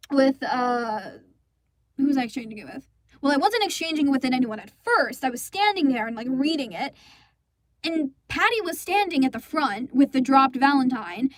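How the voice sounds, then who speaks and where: A young woman casually telling a rambling personal story, acting out what people said. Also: sits high. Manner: rambling, quotes people in acted voices.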